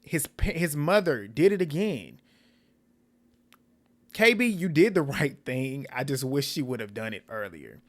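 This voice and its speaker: Blunt, animated male reality-TV recapper. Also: medium pitch, unhurried. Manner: blunt, animated, swears and laughs often. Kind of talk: casual commentary recap.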